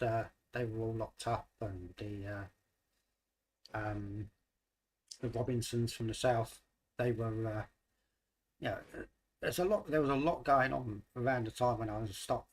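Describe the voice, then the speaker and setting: Middle-aged london guy rambling on a stream, london accent, plain mid voice, loads of uhs. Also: medium pitch. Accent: London English. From London, England. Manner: rambling, hesitant with many fillers. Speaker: livestream host. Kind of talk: casual chat.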